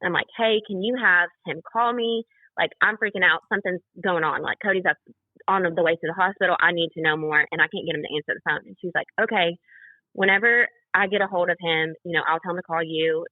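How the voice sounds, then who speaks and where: A woman's voice: on the low side, fast, no room sound. Young woman telling a story, tinny phone sound. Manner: rambling, full of fillers, reenacts dialogue. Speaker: podcast guest. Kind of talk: personal story told in a casual interview.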